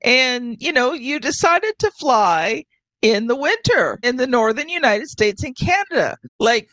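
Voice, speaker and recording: A woman hosting a podcast, telling a relaxed, chatty story in casual conversation. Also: sits high, a little slow, no room sound, muffled recording. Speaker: podcast host.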